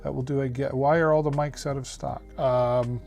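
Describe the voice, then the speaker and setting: Casual male streamer at his home setup, chatty and folksy, pitching deals over soft background music. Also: fairly even intonation, moderate pace, creaky. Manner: chatty, folksy, many fillers and restarts. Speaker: live-stream host reviewing deals. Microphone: studio microphone on a mixer.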